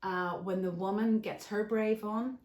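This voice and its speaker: A woman's voice: mid-range voice, steady tone, unhurried, a little mellow, echoey room. A woman life coach and podcast host speaking off the cuff in an earnest, emphatic way. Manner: earnest, emphatic, gets emotional at times. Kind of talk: unscripted podcast monologue.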